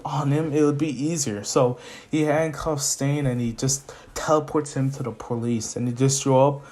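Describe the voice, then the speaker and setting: A man's voice: mid-range voice, fairly even intonation, normal speed, a little mellow. Man rambling through a fan story. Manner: rambling, with restarts and laughs. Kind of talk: casual improvised story retelling.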